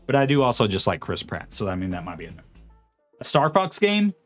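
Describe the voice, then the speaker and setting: A man's voice: medium pitch, huge pitch swings, fairly quick, faint music behind. A man in his late twenties chatting casually on a livestream, rambling and reading viewer comments aloud. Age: late 20s. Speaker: streamer host.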